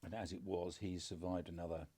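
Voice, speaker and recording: A middle-aged father from England telling family stories in a measured, dryly humorous way. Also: low voice, little pitch movement, dark tone, slightly rough. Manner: dry understated humour, measured storytelling. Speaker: podcast co-host, father. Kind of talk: casual conversation.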